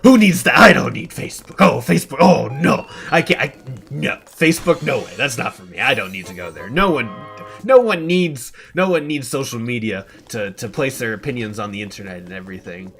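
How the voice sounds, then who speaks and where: A man putting on his dad's voice as a loud, dismissive middle-aged father who scoffs at social media. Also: medium pitch, expressive, a little fast, creaky, soft background music. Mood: scoffing.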